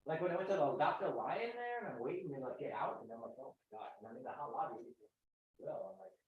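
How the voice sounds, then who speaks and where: A man's voice: on the high side, animated, fast, slight background noise. A man in pain from a broken collarbone, rambling and swearing through casual comedy chat. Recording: echoey, distant, dull sound.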